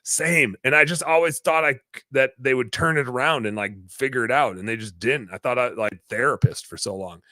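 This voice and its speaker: A man hosting a podcast, telling a long story in a rambling, animated way, full of fillers. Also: mid-range voice, brisk, hardly any pauses, no room sound. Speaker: podcast host, business owner.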